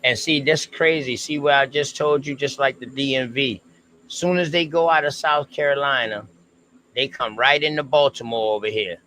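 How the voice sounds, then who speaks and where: A man with a bright, forceful voice co-hosts a relaxed history stream. He talks in slang and draws out his thoughts, with faint noise underneath. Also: medium pitch, poor audio. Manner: laid-back, slangy, drawn-out. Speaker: co-host. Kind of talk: casual history discussion stream.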